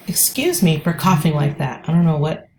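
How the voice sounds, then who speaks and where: A woman's voice: deep voice, a little mellow, a little hiss or hum. A woman day trader giving live trading commentary, thinking aloud and hesitant as she talks.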